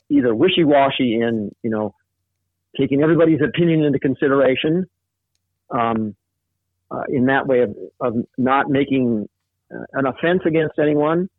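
At a casual Bible study, a man with a medium-pitched voice thoughtfully explains a passage, leaning often on filler words. There is no echo, and the audio sounds tinny, as if over the phone.

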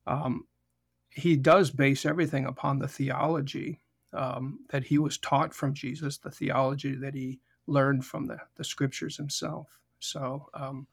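A man's voice: mid-range voice, steady tone, creaky, husky, no room sound, studio quality. A man, a guest pastor, answering thoughtfully with many ums and leading a prayer. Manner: thoughtful, measured, with frequent ums. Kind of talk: radio interview and prayer.

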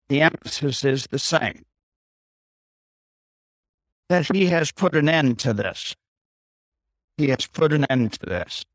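A man's voice: on the high side, a bit bright, no echo, low-quality recording. A man teaching a catechism class, who explains a Bible passage point by point and keeps checking with "Okay?".

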